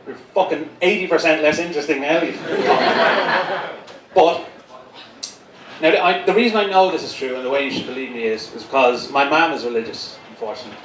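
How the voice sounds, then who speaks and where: Profane man doing stand-up. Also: fairly high pitch. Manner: profane, sardonic, rambling. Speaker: stand-up comedian. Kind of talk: live stand-up set. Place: comedy gig venue, indoors. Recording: roomy, distant mic, crowd noise. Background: audience laughter.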